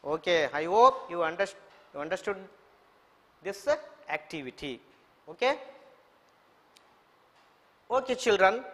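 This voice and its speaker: Slow, high-voiced teacher spelling words aloud. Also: male voice, animated, pushed and bright. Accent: Indian English. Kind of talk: online English lesson for children. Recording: echoey room reverb.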